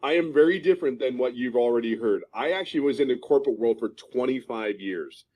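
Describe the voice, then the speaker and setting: A man in his fifties from California gives a fervent testimonial about his work life. He is emphatic, circling back and repeating phrases to drive them home. His voice sits at an ordinary middle pitch. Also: lively intonation, fast, mellow, muffled recording. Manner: emphatic, repeats himself for stress. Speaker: program member giving a testimonial. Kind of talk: passionate spoken testimonial.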